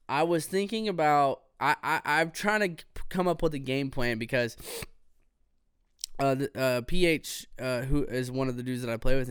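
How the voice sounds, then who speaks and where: A man hosting a casual solo podcast, rambling in a relaxed way with plenty of fillers. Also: medium pitch, clean tone, no room sound, studio quality. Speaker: podcast host. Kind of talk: casual solo gaming talk.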